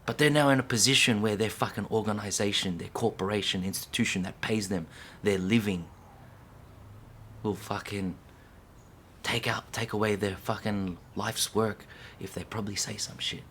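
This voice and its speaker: A breakdancer delivering an impassioned, profane rant to camera, swinging between loud outbursts and hushed whispers and repeating lines for emphasis. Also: male voice, on the low side, steady tone, moderate pace, slight background noise.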